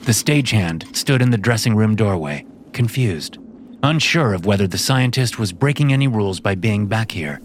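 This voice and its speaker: A man giving scripted audiobook narration in a measured storytelling manner. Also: on the low side, expressive. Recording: narration with music bed. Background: music.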